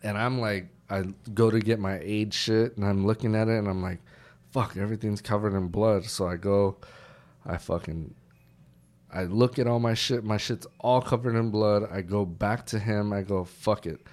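A male army veteran, a podcast guest, telling a war story in casual chat, swearing freely and breaking into sudden shouted bursts. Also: lowish voice, normal speed. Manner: profane, animated retelling with shouted bursts.

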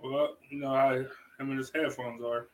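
A man's voice: mid-range voice, little pitch movement, moderate pace, a little hiss or hum, low-quality recording. A man from Cleveland hosting a podcast in casual chat, laid-back, joking and slangy. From Cleveland, Ohio, USA. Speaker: podcast host.

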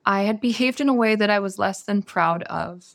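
A woman, a guest on an interview show, telling a personal story in a soft, unhurried, earnest way. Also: medium pitch, creaky.

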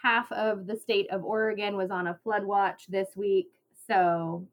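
A woman's voice: medium pitch, flat delivery, measured pace. A woman co-hosting a podcast, chatty and laughing easily. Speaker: podcast co-host. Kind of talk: casual chat.

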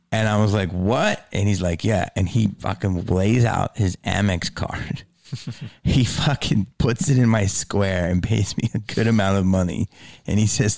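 A man hosting a podcast in casual chat, an animated storyteller who swears freely and sometimes drops to a low mutter. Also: normal speed, vocal fry, dry recording, studio quality. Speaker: podcast host.

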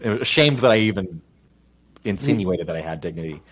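A man's voice: sits low, animated, brisk, breathy edge. A man co-hosting a podcast in casual chat, joking and self-mocking, laughing often. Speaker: podcast co-host.

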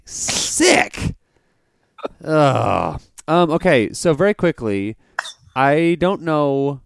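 A man's voice: on the high side, big pitch swings, takes it slowly, creaky, clear, resonant tone, dry recording, clean studio sound. A man hosting a podcast in casual chat, playful, laughing a lot and often restarting his sentences. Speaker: podcast host.

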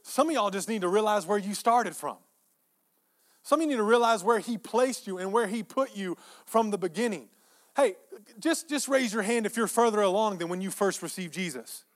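Male pastor, high tenor, emphatic repetitive sermon delivery with soft-to-loud swings. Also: animated, normal speed. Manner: emphatic, repeats phrases, swings between soft asides and loud peaks.

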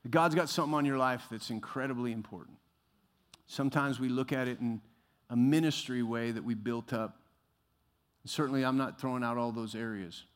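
A male pastor preaching a sermon, shifting from quiet musing to loud exhortation and acting out the voices he quotes. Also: mid-range voice, a little fast. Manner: acts out quoted voices, laughs at himself. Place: church sanctuary. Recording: long hall reverb.

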